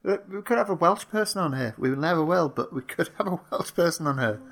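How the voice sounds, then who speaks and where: A man's voice: a little high, lively intonation, quick pace, gravelly, a bit bright. A man co-hosting a podcast, wry and playful in casual chat. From England. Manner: wry, playful, self-mocking. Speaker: podcast co-host.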